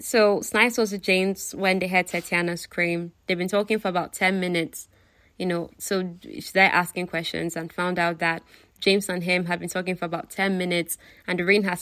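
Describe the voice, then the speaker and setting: A woman's voice: medium pitch, a bit bright, no echo, clean studio sound. A woman casually retelling a novel, chatty and full of fillers, often asking the listener questions. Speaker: book retelling narrator.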